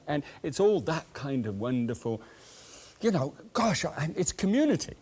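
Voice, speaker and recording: A man's voice: fairly high pitch, sing-song, moderate pace, a little mellow, slightly rough. A man hosting a cooking show, chatting straight to the viewer with playful, folksy asides.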